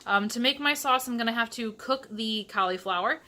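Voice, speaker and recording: A woman's voice: a little high, moderate pace, pushed and bright, a little hiss or hum. A young woman from Michigan chatting casually through a cooking vlog in her home kitchen, with sassy asides. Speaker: vlogger.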